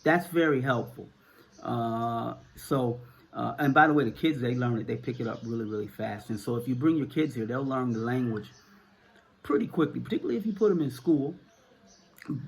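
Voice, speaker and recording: A man's voice: mid-range voice, fairly quick, vocal fry, breathy edge. A middle-aged American man with a Northern US accent, answering viewer questions in a casual, rambling talk full of fillers and repeated words. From United States.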